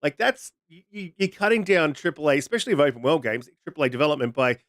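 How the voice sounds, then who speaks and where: A man's voice: fairly high pitch, animated, fast, a bit bright, no room sound, clean studio sound. A man co-hosting a gaming podcast, rambling and sarcastic, full of "like"s and jokes. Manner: joking, sarcastic, rambling with lots of likes. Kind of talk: casual podcast chat.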